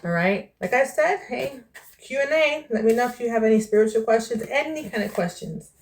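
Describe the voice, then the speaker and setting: A woman's voice: on the high side, animated, brisk. Chatty woman vlogger from New York. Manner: chatty and candid, calls the viewer "child" and "baby". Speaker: vlogger and tarot reader. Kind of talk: casual chat to camera.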